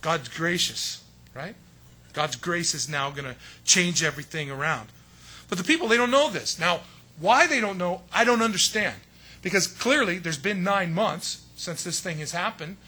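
A man's voice: sits high, lively intonation, moderate pace, sharp tone, husky. A middle-aged man from San Diego preaching a sermon in a casual, joking way, acting out the people he quotes. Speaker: pastor.

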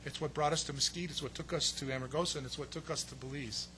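A man preaching a sermon as pastor, telling the story with lively acted-out quotes. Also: on the high side, fast talker, slight background noise. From United States. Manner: animated storytelling, acts out quoted voices.

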